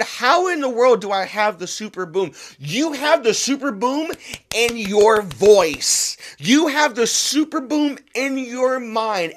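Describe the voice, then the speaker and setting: A man hosting a podcast, giving a fervent motivational talk that urges the listener directly. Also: very high voice. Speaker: podcast host. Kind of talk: motivational monologue.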